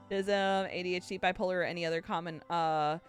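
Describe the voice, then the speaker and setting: A woman streamer chatting casually with her viewers, rambling and laughing often at herself. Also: lowish voice. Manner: giggly, rambling, self-mocking. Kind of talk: casual live-stream chat.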